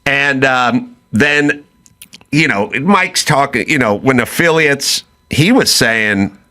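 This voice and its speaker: A middle-aged man hosting a chat show, telling a story in a loose, animated way and acting out both sides of the quoted talk. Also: mid-range voice, slow pace. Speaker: podcast host.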